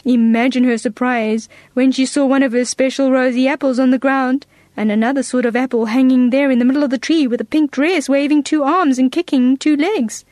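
A woman reading a children's story aloud in a gentle, expressive way. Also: high-pitched, brisk, dry recording.

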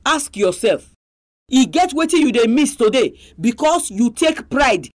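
Nigerian woman preaching with lively pitch. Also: a little slow. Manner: exhorting, full of rhetorical questions. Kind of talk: sermon in Nigerian Pidgin.

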